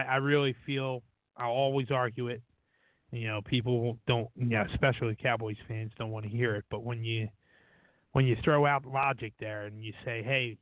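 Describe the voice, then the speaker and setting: A man's voice: mid-range voice, no echo. A man co-hosting a casual sports chat, arguing his opinions with lots of "you know". The sound is dry with no room, and squeezed thin like a phone call. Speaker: podcast co-host. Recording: dry, tinny phone-like audio.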